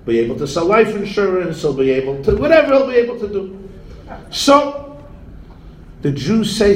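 A man telling a folk tale in an animated, theatrical way, with Yiddish and Hebrew words mixed in. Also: high-pitched, moderate pace, pauses often, reverberant, far from the mic, poor audio. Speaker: storyteller.

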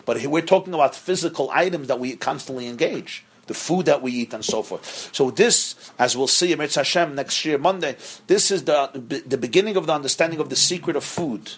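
A man's voice: a little high, brisk, hardly any pauses, breathy edge. A middle-aged man, a rabbi, giving a Torah lecture to a live group, speaking emphatically, repeating key words and acting out quoted voices. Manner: acts out quoted voices while teaching. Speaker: rabbi teaching a class.

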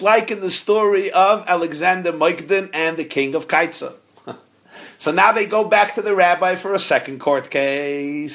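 Animated man telling a sermon story. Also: high voice. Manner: animated, acts out quotes with rising shouts. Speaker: rabbi or Torah teacher.

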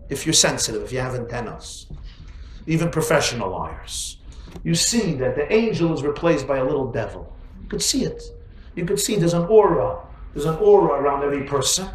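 Animated man telling stories in an echoey hall. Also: fairly high pitch, slight background noise. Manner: animated, joking storyteller. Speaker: preacher. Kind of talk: storytelling sermon to an audience.

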